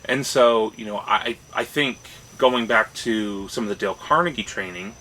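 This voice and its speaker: A man's voice: fairly low pitch, moderate pace, bright, forceful tone, poor audio. A man co-hosting a casual discussion show, talking thoughtfully and often checking in with "right?". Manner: thoughtful, restarts phrases, rising "right?" checks. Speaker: podcast co-host.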